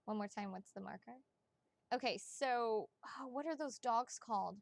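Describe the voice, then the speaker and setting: A woman giving psychic readings on a casual live stream, chatty and excitable, swearing freely and talking straight to her viewers. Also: on the high side, normal speed, vocal fry, no room sound.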